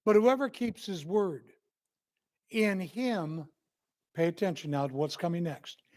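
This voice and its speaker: Male minister preaching slow and earnest, highish voice, leans hard on key words. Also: darkish tone. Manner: earnest, emphatic preaching with acted quotes. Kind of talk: sermon. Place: church.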